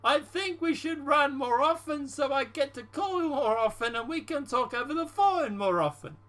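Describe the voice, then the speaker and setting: A man voicing a flattering Ukrainian president in a put-on Russian-style accent while reading a call transcript aloud. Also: extremely high pitch, moderate pace, pitched above the performer's own voice. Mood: eager.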